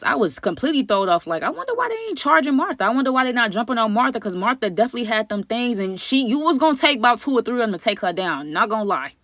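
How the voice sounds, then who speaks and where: A woman rattles off a casual storytime vlog at a quick clip, animated and full of slang, talking straight to her viewers. Her voice sits at a middle pitch and sounds dry and close, with no room around it. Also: no echo.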